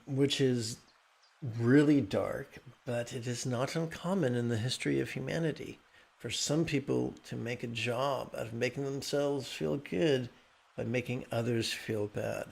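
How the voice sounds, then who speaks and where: A man giving a calm, explanatory meditation talk as teacher, often restarting his sentences. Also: medium pitch, vocal fry.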